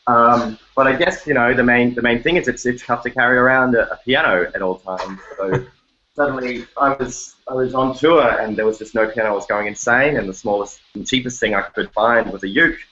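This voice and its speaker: A songwriter guest with an Australian accent chats animatedly from his bedroom in a casual interview, cracking jokes and slipping into bits of song. His mid-range voice moves briskly, and the recording is muffled with slight background noise.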